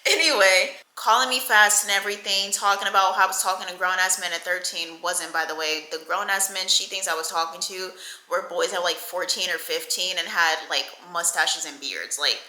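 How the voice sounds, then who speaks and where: A young woman in her twenties tells a story straight to camera with a very bright, sharp voice. She is animated and chatty and swears freely. The sound has a roomy echo. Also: lowish voice. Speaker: storytime vlogger. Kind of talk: casual storytime.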